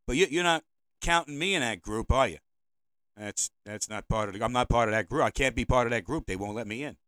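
A man's voice: medium pitch, a little fast, a bit bright, no room sound, poor audio. A man, hosting a podcast as an opinionated monologue. He rambles, repeats himself and says provocative things. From United States. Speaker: podcast host. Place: indoors, seated at home.

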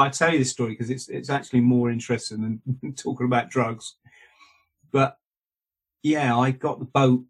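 Husky male guest, storytelling, many restarts and asides, mid-pitched. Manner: restarts and asides, self-correcting. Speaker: guest, author. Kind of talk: rambling anecdotal storytelling.

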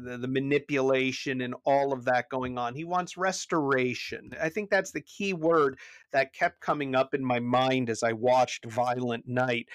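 A pastor chatting casually on a podcast about a movie, animated, often restarting and repeating words as he goes. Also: no room sound. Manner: animated, jumps high when retelling scenes.

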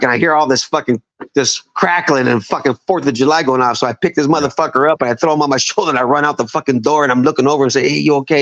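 A man's voice: medium pitch, fairly bright tone. Profane, rambling fifty-year-old man. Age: 50s. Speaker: podcast guest. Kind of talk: casual storytelling. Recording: dull lo-fi sound.

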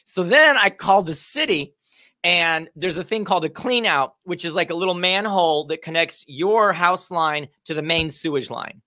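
A middle-aged woman telling a funny story in casual chat, animated and rising to shouts at the big moments. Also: lowish voice, moderate pace, no echo. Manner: animated, builds to shouting peaks at the punchlines.

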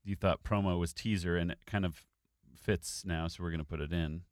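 A man's voice: deep voice, fairly even intonation, a little fast, dry recording, studio quality. A man working through a crossword with friends in casual chat, thinking aloud with hesitant restarts. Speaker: crossword solver leading the puzzle.

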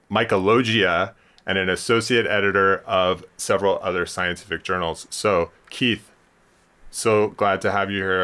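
A man's voice: deep voice, pushed and bright. A man hosting a science podcast interview, talking casually with frequent ums and restarts. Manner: hesitant, many ums and restarts. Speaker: podcast host.

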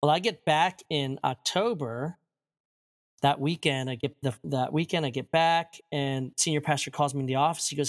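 A man in his forties, a pastor being interviewed, telling a story in a casual, animated way, acting out what people said and laughing often. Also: on the high side, normal speed. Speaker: pastor, guest.

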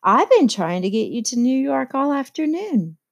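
A woman voicing a charming, gushing young society woman with airy, high exclamations. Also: very animated, moderate pace, lo-fi sound, full character voice. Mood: teasing.

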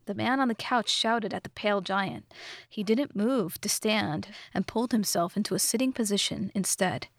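A woman narrating a fantasy novelization as an audiobook, reading in a steady, measured way. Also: medium pitch, no room sound, studio quality. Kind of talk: scripted narration.

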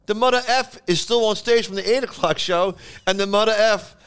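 A man's voice: sits high, a little fast, a bit bright, clear, resonant tone, pitched above the performer's own voice. A man voicing an indignant comedy club owner who swears nonstop as he rants.

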